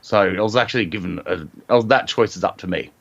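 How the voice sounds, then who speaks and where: An Australian man telling a personal story as a podcast guest, reflective and halting, with frequent ums and restarts. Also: deep voice, vocal fry, fairly bright tone, dull audio.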